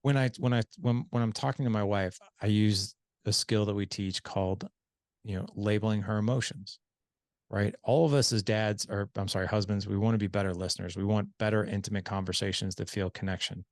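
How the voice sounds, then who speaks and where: This podcast guest talks about being a father at a fairly quick clip, his voice sitting low. He lays out his ideas earnestly and performs the quoted lines in his anecdotes with real animation, all in a relaxed chat captured cleanly in a studio without any room sound.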